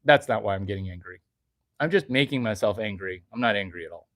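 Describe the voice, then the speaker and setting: Brash, bragging man with a lively voice. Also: lowish voice, quick pace, dry recording, studio quality. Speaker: vlogger. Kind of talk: boastful comedic monologue.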